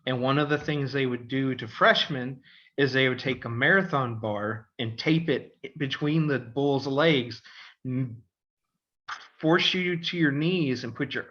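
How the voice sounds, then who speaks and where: Bright-voiced middle-aged man telling a story. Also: mid-range voice, muffled recording. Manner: animated storyteller, acts out voices. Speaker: podcast co-host, father. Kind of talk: casual storytelling.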